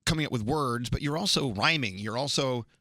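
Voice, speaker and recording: A middle-aged man hosting a radio show, asking questions in a halting way with restarts. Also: mid-range voice, sharp tone, no room sound, studio quality. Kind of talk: interviewing a guest. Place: radio studio.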